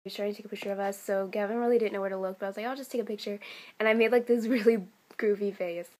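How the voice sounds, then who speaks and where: A teenage girl from the United States telling a casual vlog story, chatty and excitable, full of "like" and "um". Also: mid-range voice, rapid-fire. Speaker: vlogger.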